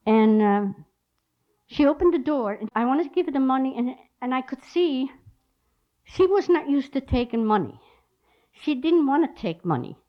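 A woman with a fairly high voice gives a personal testimony in a conversational way. She tells her story with animation and acts out the lines she quotes. The recording is dull and lo-fi. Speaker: storyteller recounting personal faith experience.

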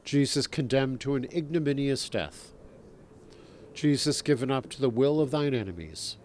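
A priest leading his listeners in prayer, reciting a long litany in a measured, solemn way. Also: mid-range voice, darkish tone, slight background noise.

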